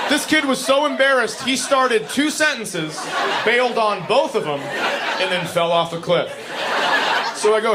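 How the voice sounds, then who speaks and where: A woman's voice: on the low side, big pitch swings, normal speed, noisy background. A woman doing stand-up comedy, telling stories and acting out family dialogue. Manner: storytelling, acts out family dialogue.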